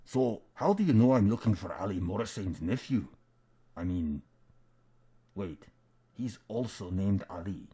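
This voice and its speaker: A man's voice: on the low side, lively intonation, unhurried, pauses often, dark tone, breathy edge. A man voicing a weary adult adventurer in a fake beard, speaking with a Scottish accent in a hesitant, exasperated way.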